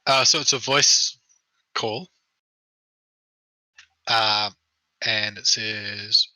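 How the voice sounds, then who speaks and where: Bright-voiced man running a tabletop game. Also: mid-range voice, takes it slowly, long pauses, no echo, poor audio. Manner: relaxed with frequent ums and uhs. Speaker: game master.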